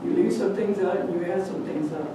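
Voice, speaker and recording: Older woman, live storyteller, animated, chatty, mixes in Spanish words, distant mic, big echoey hall. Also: fairly low pitch, a little fast, noisy background.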